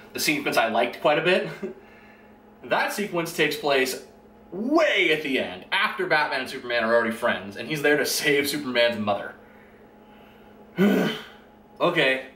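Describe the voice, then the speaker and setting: A man's voice: medium pitch, bright, forceful tone, a little hiss or hum. A man giving a casual, rant-style movie review in an exasperated, profane and sarcastic way. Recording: roomy echo.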